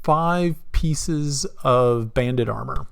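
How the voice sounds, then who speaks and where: A man runs a tabletop game, explaining the rules and rambling in a self-deprecating way. His voice is gravelly and middle-pitched. The sound is dry and close. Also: takes it slowly, no echo. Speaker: game master.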